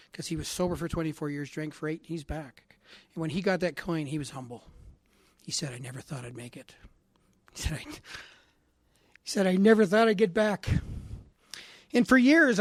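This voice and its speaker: A man from Canada speaking at a recovery assembly, telling a heartfelt personal story that drops to hushed tones and rises to loud emphasis. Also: on the high side, dry recording. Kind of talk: personal testimony talk. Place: assembly hall.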